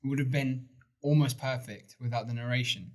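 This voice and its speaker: A man's voice: mid-range voice, steady tone, brisk. A man co-hosting a podcast, giving opinionated views in casual chat, with fillers. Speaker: podcast co-host. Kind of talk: casual film review chat.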